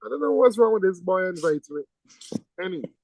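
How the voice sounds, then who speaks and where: A male teacher giving a classroom lecture, lively and teasing, firing questions at his students. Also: high voice, quick pace, no room sound, rough recording.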